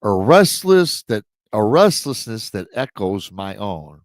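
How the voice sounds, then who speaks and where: A man voicing a menacing male werewolf with a deep, rumbling voice, in a retold true encounter story. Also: very animated, takes it slowly, dry recording, clean studio sound. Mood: ominous.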